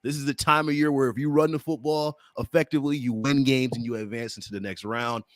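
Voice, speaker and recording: A man hosting a sports podcast in casual chat, playful and teasing and quick to laugh. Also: medium pitch, fairly even intonation, no room sound, studio quality. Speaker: podcast host.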